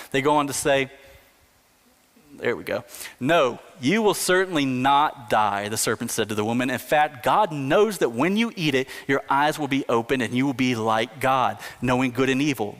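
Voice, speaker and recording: A man preaching a sermon with earnest conviction, stretching out key phrases and lifting his voice to drive points home. His middle-pitched voice rings out with a long reverb, as if filling a large hall. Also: fairly bright tone. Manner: earnest preaching, slows down and rises for emphasis. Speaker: pastor.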